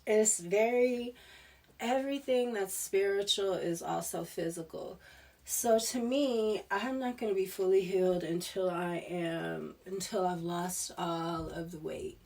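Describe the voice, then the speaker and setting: Slow, rambling woman tarot reader. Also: on the low side, gravelly, darkish tone, distant mic. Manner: rambling, laughs often, with restarts. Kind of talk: casual spiritual chat.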